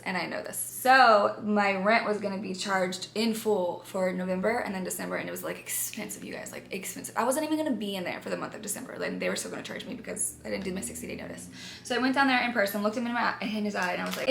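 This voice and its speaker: A woman vlogger chatting through a story for her viewers, lively and talkative. Her voice has a gravelly fry to it. It sounds recorded in an echoey room at home, with a faint hiss behind. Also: mid-range voice. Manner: animated, chatty, addresses viewers as you guys.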